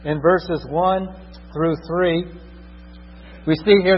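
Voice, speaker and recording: A man's voice: high voice, steady tone, slow pace, breathy edge. A man preaching a sermon as a pastor, emphatic, often checking in with the congregation. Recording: dull echoing hall recording.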